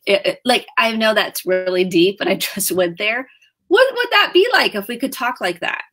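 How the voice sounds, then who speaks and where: A woman therapist from Indiana talking on a video call, coaching and acting out example questions in a warm, encouraging way. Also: medium pitch, sing-song, normal speed. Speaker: licensed therapist. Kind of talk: video-chat conversation.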